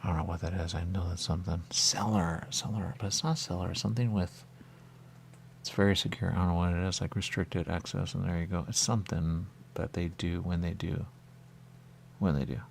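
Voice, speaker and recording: A man's voice: deep voice, steady tone, fairly quick, vocal fry, slight background noise. A man on a radio talk show, musing aloud in a repetitive, meandering solo monologue.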